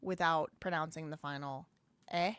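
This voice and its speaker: A woman's voice: low-pitched, fairly even intonation, moderate pace, a bit bright, clear, resonant tone, no echo. A woman hosting a live stream, chatting casually, laughing and repeating phrases as she goes. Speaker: live show host.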